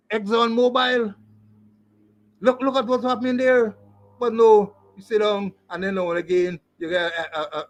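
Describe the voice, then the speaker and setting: A man from Guyana with a Guyanese accent, stammering and repeating words as he speaks emotionally about politics. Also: very high voice. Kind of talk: impassioned political talk.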